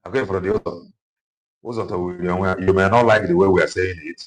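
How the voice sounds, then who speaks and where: A man's voice: low-pitched, fairly even intonation, fast talker, rough recording. A man with a Nigerian accent giving casual commentary from inside a car, repeating his points with emphasis. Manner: emphatic, repeats phrases for effect. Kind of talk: casual spoken commentary mixing Igbo and English.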